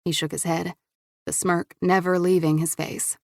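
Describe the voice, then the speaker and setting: A woman narrating a thriller audiobook in a steady, measured way into a studio microphone. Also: lowish voice, gravelly, dry recording. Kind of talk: scripted narration.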